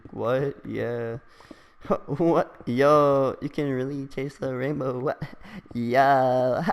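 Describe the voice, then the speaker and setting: A man's voice: mid-range voice, long reverb tail, a little hiss or hum. A young man hosting a gaming session, teasing a friend with crude jokes and frequent laughter. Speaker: gaming channel host. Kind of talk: casual gaming banter.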